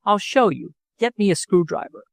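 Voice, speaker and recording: A man voicing a calm, earnest young woman in an audiobook. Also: sits high, moderate pace, creaky, no room sound, studio quality, voice pushed up, heavily acted. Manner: earnest, calm, sweetly insistent.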